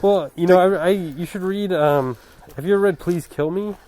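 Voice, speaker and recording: Easygoing podcast host on a walk. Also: male voice, sits high, moderate pace, darkish tone. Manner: easygoing listener, short responses. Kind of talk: casual chat on a walk. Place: outdoors in a park.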